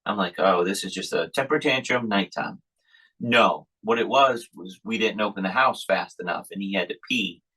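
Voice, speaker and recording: A man with a very low voice hosts a podcast in an easygoing chat. His tone is bright and forward, with a husky, rough edge, and he tells family stories in a rambling way. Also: moderate pace, poor audio. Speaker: podcast host. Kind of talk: casual chat.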